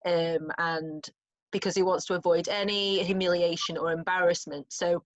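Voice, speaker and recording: A woman's voice: fairly low pitch, fairly even intonation, moderate pace. A woman English teacher talking through a play in an informal revision chat, thoughtful and chatty. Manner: thoughtful, chatty, with restarts and small laughs. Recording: lo-fi muffled recording.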